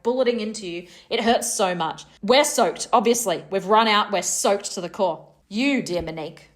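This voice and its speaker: Animated woman telling a story. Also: mid-range voice. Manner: lively, laughing, acts out her own shouts. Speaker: podcast co-host telling a story.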